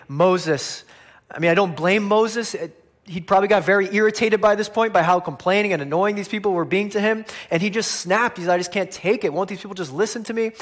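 A man preaching a sermon, animated, acting out voices of people he speaks of and dropping quietly at line ends. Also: fairly high pitch. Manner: animated, acts out quoted voices of biblical figures; swings between loud emphasis and quiet, dropping line ends. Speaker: pastor.

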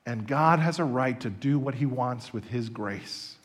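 A man pastor preaching a sermon, telling stories in an animated, emphatic way. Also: mid-range voice, unhurried.

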